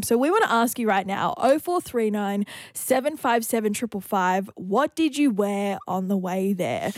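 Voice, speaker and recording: A woman's voice: a little high, no echo, clean studio sound. A woman hosting a casual radio chat, bubbly and jokey. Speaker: radio host. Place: radio studio.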